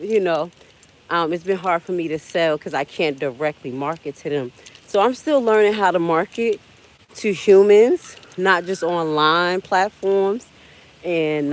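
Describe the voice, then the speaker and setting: Poor audio carries the fairly low voice of a woman in her forties running a casual live walking vlog in an outdoor park. Chatting directly to her audience with "y'all" and "baby," she grows winded as she heads up some steps.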